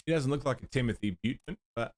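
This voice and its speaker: This man streams a puzzle game, speaking fast in a mid-range voice with no echo. His live gameplay commentary is a stream of thinking aloud, muttered guesses, and occasional swearing, punctuated by excited bursts of greetings to viewers.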